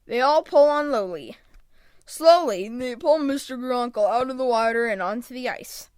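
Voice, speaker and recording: A woman reading a children's picture book aloud in an expressive read-aloud manner, close to a home microphone. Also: a little high, normal speed, smooth, dry recording. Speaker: storybook reader.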